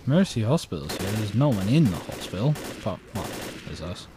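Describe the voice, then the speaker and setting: A British man giving gameplay commentary, chatting to himself with quiet mutters and sudden outbursts. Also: fairly low pitch, big pitch swings, moderate pace, background noise. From Britain. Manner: chatty, jumps between mutters and sudden exclamations. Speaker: let's play gamer.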